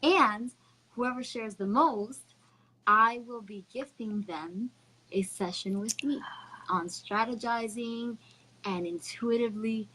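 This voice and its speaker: A woman's voice: a little high, slow pace, sharp tone, slight background noise, poor audio. A woman hosting a live online show, upbeat and speaking straight to her viewers. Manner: upbeat, addresses viewers directly. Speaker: host. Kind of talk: casual livestream hosting.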